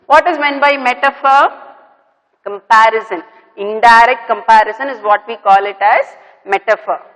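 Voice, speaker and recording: A middle-aged woman teacher with a fairly high voice explains a poem to her students. She repeats her points and keeps checking in with "okay". Her voice rings with a long reverb. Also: moderate pace, a bit bright. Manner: repetitive, checking with "okay" and "clear?". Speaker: English teacher. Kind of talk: classroom lesson explaining a poem.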